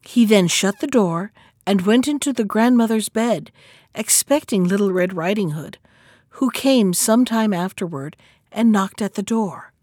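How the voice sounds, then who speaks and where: A woman narrating a fairy tale in scripted storybook narration, expressive and measured. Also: mid-range voice, no echo, studio quality. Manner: expressive, measured reading aloud.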